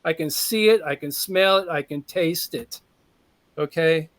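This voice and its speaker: Man, fairly high voice, emphatic testimonial speaker, dry sound. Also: a little slow, no echo. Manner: emphatic, repetitive, building excitement. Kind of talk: heartfelt personal testimony.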